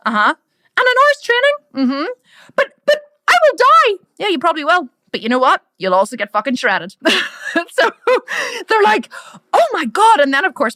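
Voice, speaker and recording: A middle-aged woman with an Irish accent giving a loud, brash business training talk, swearing freely. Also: high voice, no room sound, clean studio sound. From Ireland. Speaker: business coach.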